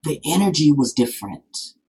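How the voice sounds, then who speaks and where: A man's voice: on the high side, lively intonation, normal speed, dark tone, breathy edge, poor audio. A man hosting a live stream, telling a personal story to his viewers in a rambling, heartfelt way, full of fillers. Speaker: live-streaming channel host.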